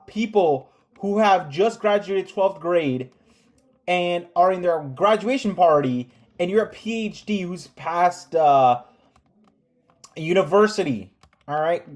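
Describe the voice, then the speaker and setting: Chess recap host, mid-pitched, sarcastic, scolding, reads move lists fast. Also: animated. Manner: sarcastic, scolding the players with rhetorical questions; calls out moves in rapid lists. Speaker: chess commentator. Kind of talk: chess game recap commentary.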